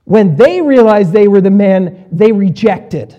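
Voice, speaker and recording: A male pastor giving a conversational sermon. He often acts out what his listeners might say and often shifts between soft and loud. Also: high-pitched, animated, a little slow, dull audio. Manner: conversational preaching with shifts in volume and voiced asides.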